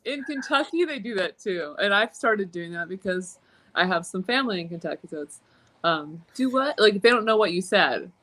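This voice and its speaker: A woman guest chatting casually on a podcast, soft-spoken and quick to laugh. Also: mid-range voice, animated. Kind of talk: casual chat.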